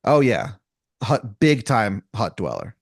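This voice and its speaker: A man's voice: lowish voice, wildly swooping pitch, takes it slowly, vocal fry, no echo, studio quality. Rambling man narrating an improvised game. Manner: rambling, loose, with many fillers and restarts; crude, casual slang. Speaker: game master. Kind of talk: improvised comedic storytelling.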